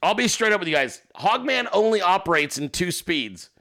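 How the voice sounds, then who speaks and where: Animated, bright-voiced joking man. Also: sits high. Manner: profane, joking, quick to laugh. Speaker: podcast host. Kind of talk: casual podcast chat.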